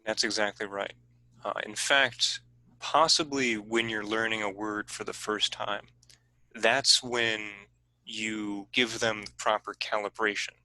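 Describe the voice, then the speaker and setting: A man presenting a teaching workshop over a video call, explaining in a relaxed, conversational way. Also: on the low side, unhurried, low-quality recording.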